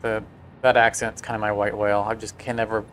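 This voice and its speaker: A man's voice: on the low side, little pitch movement, brisk, a bit bright, a little hiss or hum. A man streaming a building game, chatting casually and telling rambling stories with many restarts. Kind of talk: casual livestream chat.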